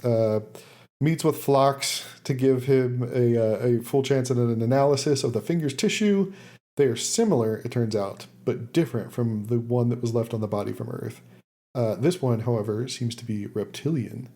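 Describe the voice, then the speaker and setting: A man's voice: medium pitch, moderate pace, warm tone. A man co-hosting a podcast, casually recapping an episode with fillers and laughs. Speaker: podcast co-host summarizing the episode. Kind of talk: casual chat.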